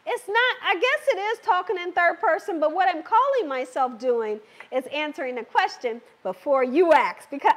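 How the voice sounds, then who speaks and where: Extremely high-pitched and lively, a woman talks at normal speed with hardly any pauses as she hosts a live cooking stream. She wears a microphone, her voice a little worn, and she's chatty, laughing often and reading viewers' comments aloud.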